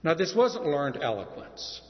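Older male preacher in a lively, echoing hall. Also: fairly high pitch. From Texas. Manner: earnest preaching with shifting emphasis and dramatic pauses. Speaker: pastor. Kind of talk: sermon. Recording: muffled sound in a reverberant hall.

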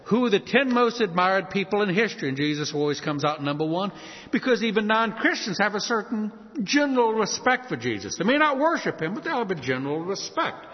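A man preaching a sermon as pastor, lively, often acting out the voices of the people he quotes. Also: high-pitched, a little fast, big-room sound, lo-fi sound.

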